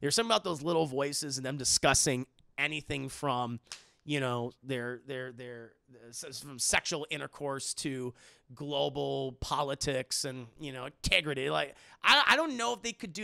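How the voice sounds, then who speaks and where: A man's voice: a little high, normal speed, vocal fry, sharp tone, dry recording, clean studio sound. A young man streaming and chatting casually with his viewers, rambling, laughing often and swearing. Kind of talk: casual chat with live chat.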